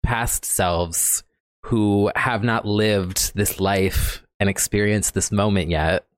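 A man co-hosting a podcast in casual chat, giggly and gushing, with quick asides. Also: fairly low pitch, steady tone, no echo, studio quality. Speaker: podcast co-host.

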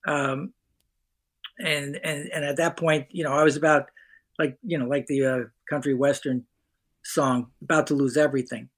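A man speaking as a guest actor in a candid podcast conversation, halting and earnest, often repeating his words. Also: a little high, little pitch movement.

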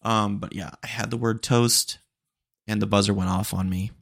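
A young man talks through a casual solo podcast, rambling and animated, with plenty of fillers. His voice sits low and has a gravelly, fried edge. The recording is close and dry, with no room sound. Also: normal speed, dry recording. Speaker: podcast host.

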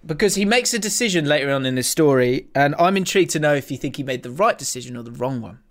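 A man's voice: fairly high pitch, expressive, fast, fairly bright tone. A man co-hosting a podcast in casual chat, reading listener messages aloud and laughing often. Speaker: podcast co-host.

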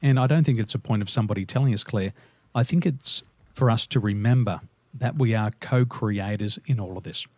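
An Australian man, a guest on an interview, telling lively stories and laughing through them. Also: on the low side, fairly quick, no echo. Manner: animated, laughs through his own stories. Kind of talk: casual storytelling interview.

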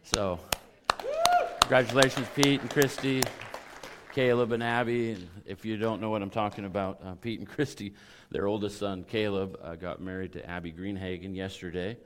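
A middle-aged man preaching a sermon with a hoarse, raspy voice, in a folksy, conversational way full of fillers. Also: on the low side, steady tone, moderate pace, slight background noise. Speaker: pastor.

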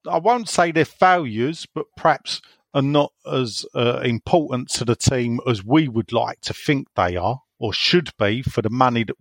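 A man's voice: mid-range voice, no echo, clean studio sound. A man hosting a casual football podcast, chatting in a rambling, opinionated way and reading out listener messages.

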